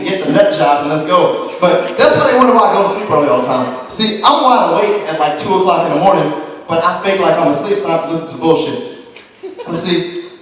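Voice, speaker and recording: Young guy doing standup, cussing a lot, voice kinda high, sounds far from the mic in a big echoey room. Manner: profane, animated storytelling with voiced impressions. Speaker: stand-up comedian. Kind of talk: stand-up routine. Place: comedy club stage. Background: audience laughter.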